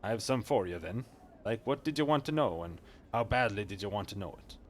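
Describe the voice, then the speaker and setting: A man voicing a wary, greedy male street collector in a game, gruff and slangy. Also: lowish voice, expressive, a little fast, a little hiss or hum, lightly acted.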